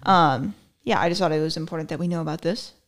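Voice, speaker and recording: A woman's voice: sits low, quick pace. A young woman hosting a podcast, chatting casually and telling stories with a sarcastic edge. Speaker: podcast host. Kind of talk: casual chat.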